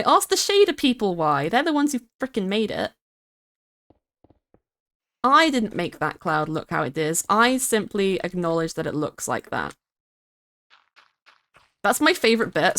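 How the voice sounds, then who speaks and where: Streamer woman, casual rambling chat, mid pitch, dry close mic. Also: a bit bright, no echo. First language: English. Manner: chatty, rambling, swears casually, reads chat aloud.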